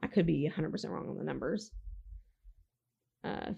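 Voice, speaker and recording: A young woman co-hosts a podcast, talking in an easy, rambling way full of fillers and restarts. Her voice sits a little low and carries a gravelly fry. The sound is close and dry. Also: expressive, rapid-fire, dark tone, no room sound, dull audio. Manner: chatty, filler-heavy, restarts sentences. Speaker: podcast co-host. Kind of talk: casual chat.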